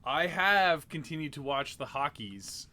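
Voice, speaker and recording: A man's voice: a little high, lively intonation, unhurried, pushed and bright. A man from Canada co-hosting a casual podcast chat, joking and playful. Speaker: podcast co-host.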